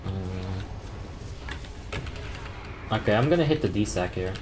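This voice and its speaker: Young male streamer, lowish voice, easygoing and joky, from the Netherlands, faint game music behind. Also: lively intonation, takes it slowly. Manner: laid-back, joking, reads chat aloud and laughs often. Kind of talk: casual live-stream chat and raid calling.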